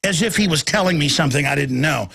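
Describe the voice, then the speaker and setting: A man's voice: on the high side, animated, fast, vocal fry, fairly bright tone, husky. A man hosting a talk radio show, delivering an impassioned monologue with an intense, ranting manner, repeating phrases and stammering into restarts.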